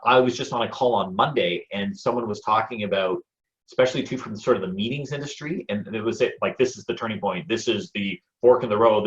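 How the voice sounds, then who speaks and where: A man with a somewhat low voice tells stories with energy as a motivational guest, often doubling a word as he starts a thought. His audio sounds muffled and lo-fi, like a web call. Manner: storytelling, energetic, repeats words when starting phrases. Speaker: guest speaker and speaking coach. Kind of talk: motivational interview talk.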